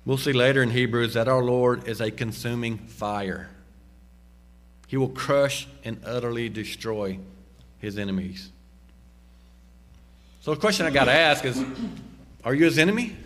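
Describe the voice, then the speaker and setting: A man preaching a sermon, slowing down and dropping low on key phrases and rising sharply when he exhorts. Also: a bit bright. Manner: emphatic, slows and drops low on key phrases; rises sharply in pitch and volume when exhorting. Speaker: pastor.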